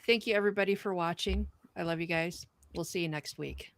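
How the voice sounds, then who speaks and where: A low-pitched woman with a gravelly edge to her voice, reading with earnest, measured care. The sound is close and dry, with no room around it. She is a podcast co-host in a casual show. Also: no room sound. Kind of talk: reading a poem aloud, then casual chat.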